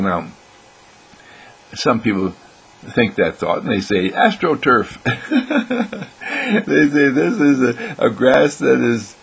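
Older male motivational speaker, raspy fry, animated and playful delivery. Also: medium pitch, poor audio. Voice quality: gravelly, husky. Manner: animated, playful, acts out other voices. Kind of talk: inspirational monologue.

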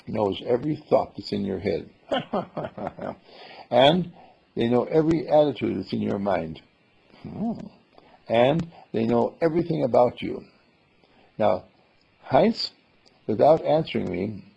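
A man's voice: medium pitch, creaky, warm tone, slightly rough, dull audio. A man teaching a small group in a playful way, acting out little dialogues in different voices. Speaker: spiritual teacher. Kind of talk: group talk.

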